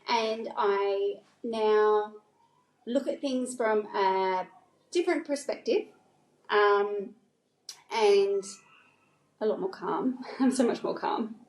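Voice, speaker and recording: A woman salon owner speaking as a podcast guest, candid and animated, often restarting her sentences. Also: a little high. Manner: candid and animated, with frequent self-correction. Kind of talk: casual interview conversation. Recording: echoey room sound.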